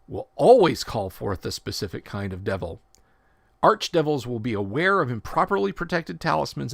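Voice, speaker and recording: A man's voice: mid-range voice, vocal fry, no room sound. A man hosting a casual livestream, reading tabletop rule text aloud and breaking off for joking asides and self-corrections. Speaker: livestream host.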